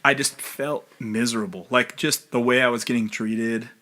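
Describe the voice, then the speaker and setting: Bright-voiced man telling rambling stories. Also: mid-range voice, fairly even intonation, normal speed. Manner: rambling storyteller, many fillers, swearing. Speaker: podcast co-host. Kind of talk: casual chat.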